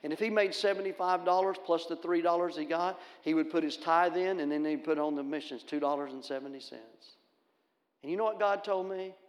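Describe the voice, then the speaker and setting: A middle-aged male pastor, preaching a sermon in a folksy, animated storytelling manner and acting out the voices in his stories. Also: a little high, a little fast. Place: church sanctuary. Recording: long hall reverb.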